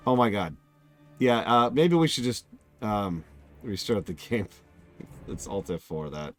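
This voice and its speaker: A man giving casual, animated live-stream commentary while reviewing a game, laughing and joking at his own mishaps. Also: on the low side, unhurried, pauses often, faint music behind. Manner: animated, laughing, self-mocking.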